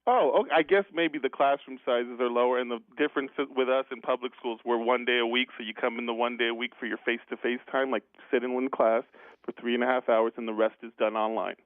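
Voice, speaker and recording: A man talks quickly and eagerly on a call-in line, stumbling through his explanation with fillers. His voice comes through a thin, tinny phone line with a dry sound. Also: mid-range voice, fairly even intonation, dry recording. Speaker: caller. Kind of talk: casual phone call to a radio show.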